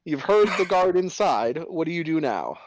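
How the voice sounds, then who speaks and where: A man's voice: on the high side, big pitch swings, normal speed, a little hiss or hum. A man running a tabletop game as game master, narrating playfully with sound effects.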